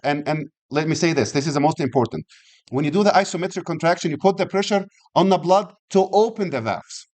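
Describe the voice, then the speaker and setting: A man teaching an anatomy class, explaining step by step, checking in with frequent rhetorical questions and restarting phrases. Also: fairly high pitch. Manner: uses physical demonstrations while explaining. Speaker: anatomy and physiology instructor. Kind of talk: classroom lecture.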